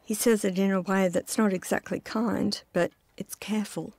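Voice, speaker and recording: Middle aged woman telling her own story, gravelly voice, dry close sound, soft music under it. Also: medium pitch, steady tone, moderate pace, no room sound. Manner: intimate, reflective, first-person telling. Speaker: memoir narrator. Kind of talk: scripted personal memoir narration.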